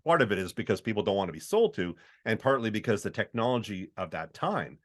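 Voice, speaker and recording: A middle-aged man from Canada talks casually as a podcast guest about his voiceover work. His voice sits on the low side, and he breaks into quick acted-out voices to make his points. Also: very animated. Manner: chatty, often acts out quoted voices.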